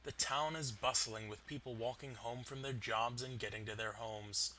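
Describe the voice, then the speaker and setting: A man narrating a tabletop game as game master, in steady, descriptive storytelling. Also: medium pitch, moderate pace, a little hiss or hum.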